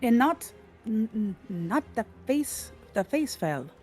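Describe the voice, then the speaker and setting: A woman's voice: on the high side, big pitch swings, slow, a little mellow, faint music behind, pitched above the performer's own voice. A woman voicing an uncomfortable young woman adventurer who stammers and speaks formally. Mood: flustered.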